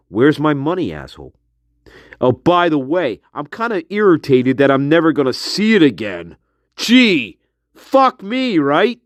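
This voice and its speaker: A man's voice: on the high side, dry recording. A man delivering an angry, profane monologue, mocking someone with scornful laughs. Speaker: commentator.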